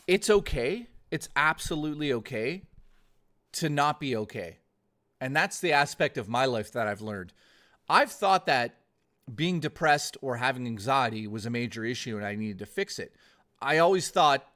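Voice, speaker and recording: A man's voice: medium pitch, big pitch swings, normal speed, fairly bright tone. A man hosting a live stream, talking earnestly and motivationally to his viewers, cursing freely and losing his voice. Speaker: streamer host. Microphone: desk mic.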